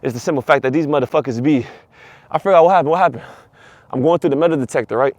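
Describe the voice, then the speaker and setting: A man rants on his vlog, talking fast and swearing freely as his story tumbles out. His voice sits fairly high for a man. It is recorded close and dry, with no room sound around it. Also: no echo. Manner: profane, animated, repeats himself. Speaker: vlogger. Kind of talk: casual storytelling rant.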